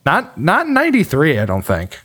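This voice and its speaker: A man co-hosting a casual podcast, filling in details of a TV episode in a relaxed way. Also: a little high, fairly quick, slightly rough, dry recording. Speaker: podcast co-host. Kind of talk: casual chat recapping a TV episode.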